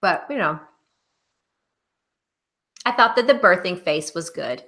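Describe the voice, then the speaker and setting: A woman in her thirties co-hosts a relaxed podcast conversation. Her voice is bright and forward. She tells stories animatedly, with plenty of energy. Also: slow. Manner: animated storyteller, acts out quotes in a high wail. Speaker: podcast co-host. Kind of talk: casual chat.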